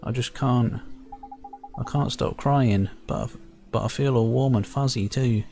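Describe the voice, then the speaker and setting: A man's voice: mid-range voice, a little slow, creaky, warm tone. A man reading game lines aloud, voicing an eager, emotional young boy friend. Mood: tearful.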